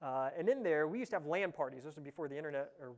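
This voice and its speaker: A man from Ohio, giving a casual conference tech talk, relaxed and chatty with lots of "uh" fillers. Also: fairly high pitch, racing. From Ohio, USA. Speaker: conference presenter. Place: conference session room.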